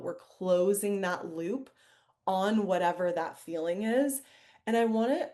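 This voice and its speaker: Woman, somatic coach, lowish voice, easy laughs, live webinar over a video call. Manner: warm, reflective, laughs lightly, reads chat aloud. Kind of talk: live online workshop, guided reflection.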